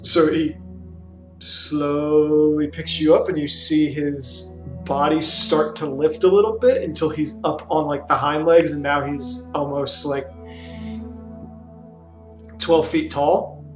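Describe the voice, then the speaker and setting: A man running a tabletop role-playing game as game master, narrating in a relaxed way with chuckles. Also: on the high side, slow pace, roomy sound, soft background music.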